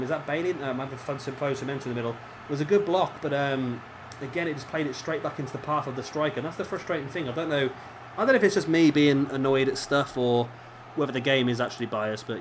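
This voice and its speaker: A man's voice: medium pitch, noisy background. A young man giving casual, self-deprecating commentary while playing a football video game. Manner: chatty, self-deprecating, reacting aloud to play. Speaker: gaming commentator. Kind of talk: casual let's-play commentary.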